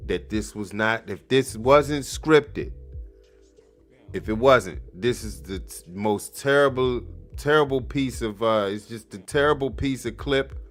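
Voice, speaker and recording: Male reaction host, slow drawl, slangy and mocking, faint music bed. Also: medium pitch. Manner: slangy, animated, mocking, laughs often. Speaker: podcast host reacting to a clip. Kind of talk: casual commentary over replayed clip.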